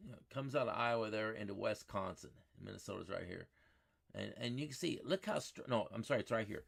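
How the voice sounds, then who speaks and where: A man hosting a live weather stream, talking excitedly over radar maps and repeating himself as he rambles. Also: fairly low pitch, brisk, creaky.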